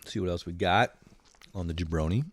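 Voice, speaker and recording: A man's voice: low voice, brisk, dry recording. A man in his late twenties hosting a podcast, rambling through a casual, profane and self-mocking monologue. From Canada. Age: late 20s. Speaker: podcast host.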